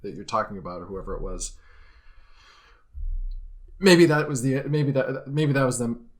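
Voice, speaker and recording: A man's voice: medium pitch, animated, moderate pace. Casual young man in gaming banter. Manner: chatty, hesitant, trails off mid-thought. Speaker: let's play co-host.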